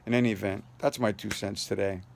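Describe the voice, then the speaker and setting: Talking quickly in a lowish voice with vocal fry, a male vlogger shares a personal story with the camera in a steady tone, while a faint hiss or hum sits in the background. The telling is loose and meandering, packed with fillers and restarts. He comes across as earnest and closes upbeat.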